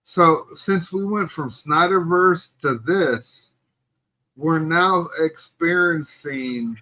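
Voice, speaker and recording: A man's voice: on the high side, takes it slowly, bright, forceful tone, low-quality recording. A man co-hosting a podcast, debating a movie in casual chat and pressing his point. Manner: emphatic, argues his point. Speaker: podcast co-host.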